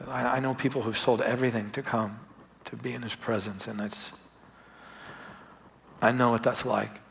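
A man's voice: mid-range voice, level tone, normal speed, creaky, a little hiss or hum. A male pastor telling personal stories in a conversational sermon, laughing at times. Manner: conversational, warm storytelling with laughs. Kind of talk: sermon storytelling. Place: church service.

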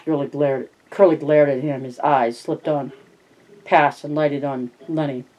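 Audiobook reader, mellow and warm in tone, reading aloud with restarts and an occasional aside. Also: mid-range voice, steady tone, measured pace, rough recording. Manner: reads aloud with slips and restarts. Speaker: narrator.

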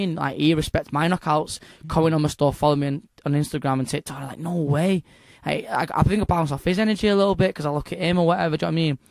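A young man with a Manchester accent, chatting excitedly as an interview guest, rambling and restarting his sentences. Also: fairly high pitch, dry recording, clean studio sound. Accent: Northern English, Manchester. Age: young adult. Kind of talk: casual interview chat.

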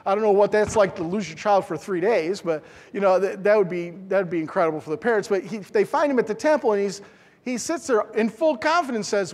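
A man's voice: high voice, fairly quick, in a large hall. A middle-aged man preaching a sermon in a church, earnest and emphatic, repeating phrases for stress. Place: church sanctuary.

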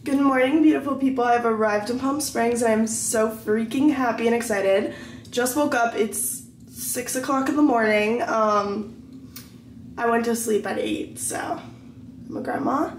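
A young woman with a fairly high voice talks unhurriedly to her phone camera over slight background noise. Casual, gushing and upbeat, she vlogs about her festival trip, covering the hotel, pool and outdoor spots.

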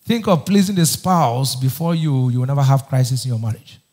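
A man's voice: medium pitch, expressive, a little fast, darkish tone. A man preaching a sermon as pastor, firing questions back at the congregation for them to answer. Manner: call-and-response questions to the congregation; emphatic preaching, often raising his voice.

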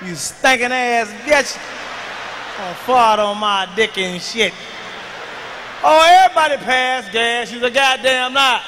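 Loud, high-voiced man doing stand-up. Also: in a large hall, a little hiss or hum. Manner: loud, swaggering, profane storytelling with sudden shouts and drops to a murmur. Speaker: stand-up comedian. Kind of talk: stand-up comedy routine. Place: large live venue on stage.

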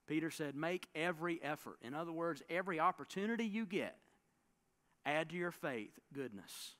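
A man preaching a sermon as a pastor, telling a story with dramatic swings between loud bursts and hushed lines. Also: fairly high pitch, lively intonation, moderate pace. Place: church sanctuary.

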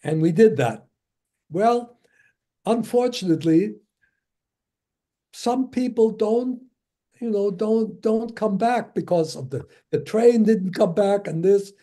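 A man in his nineties from Germany, giving a lecture as a string of anecdotes, halting with many fillers and restarts and chuckling as he tells them. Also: sits high, dark tone. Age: 90s. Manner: chuckles while recounting stories.

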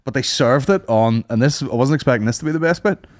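A man co-hosting a podcast, telling a story with lots of swearing and high-pitched mimicry. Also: quick pace, dry recording, studio quality. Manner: animated storyteller, swears a lot, mimics people in high voices. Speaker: podcast co-host. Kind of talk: casual chat.

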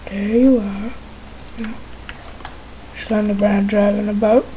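A woman mutters her way through a game in a relaxed, unhurried drawl. Her tone is mellow and playful, like someone talking to herself at a home computer. Faint keyboard typing ticks along behind her. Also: medium pitch, a little hiss or hum, poor audio. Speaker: gamer. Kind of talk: casual gameplay commentary.

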